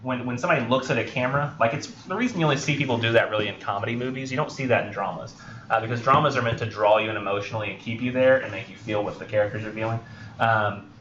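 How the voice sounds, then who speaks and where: A man's voice: mid-range voice, fairly bright tone, a little hiss or hum. A young man teaching a college writing class, talking loosely with many fillers and acting out film scenes to make his points. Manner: rambling, filler-heavy, acts out film scenes. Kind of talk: classroom lecture. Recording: roomy, dull lo-fi classroom recording.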